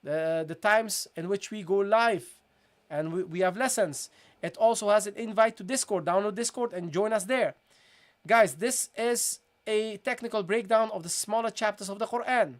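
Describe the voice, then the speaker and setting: A tajweed teacher walks through recitation rules in a live online lesson, circling back over each point. The teacher checks in often with the viewers and slows right down to draw out the recited examples. The voice sits at an ordinary middle pitch. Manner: repeats points, keeps checking in with "okay?" and "guys"; switches between English explanation and slow, drawn-out recited demonstrations.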